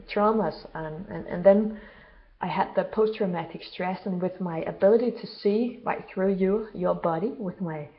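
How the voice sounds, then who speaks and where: A woman speaking in a casual monologue as a self-described healer, earnest and halting, often pausing to search for words. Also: mid-range voice. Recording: slightly dull lo-fi recording.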